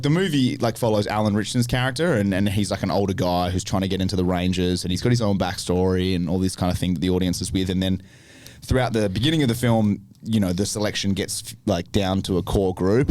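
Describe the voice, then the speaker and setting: A man's voice: on the low side, fast, no room sound. A young Australian man, an actor on a podcast, telling a story in casual chat, swearing freely and acting out the other people's lines. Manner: swears freely, acts out the other voices in his stories; restless and animated when he retells the big moments.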